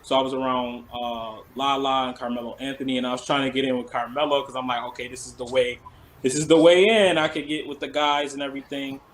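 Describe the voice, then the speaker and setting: A man's voice: medium pitch, level tone, fast talker, hardly any pauses, fairly bright tone, a little hiss or hum, poor audio. A man who works as a celebrity stylist, talking casually in an interview, rambling and filling his story with "like.". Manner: rambling, full of "like" fillers.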